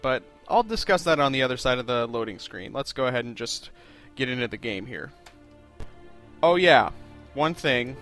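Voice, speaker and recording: A man hosting a let's-play, chatty and self-deprecating, rambling through plans with plenty of fillers. His voice sits at a middling pitch, with faint music playing underneath. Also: lively intonation, moderate pace, a bit bright. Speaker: video game let's-play host. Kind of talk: casual gameplay commentary.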